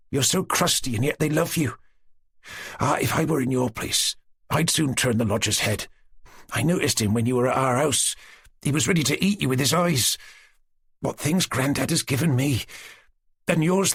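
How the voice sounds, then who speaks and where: A man voicing a lively young Cossack girl who talks eagerly and teases her friend. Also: mid-range voice, husky. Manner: eager, teasing, talkative.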